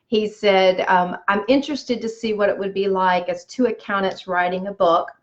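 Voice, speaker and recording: A woman in business telling a personal story, with lots of animated quoted dialogue. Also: medium pitch, normal speed, dull audio. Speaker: business speaker.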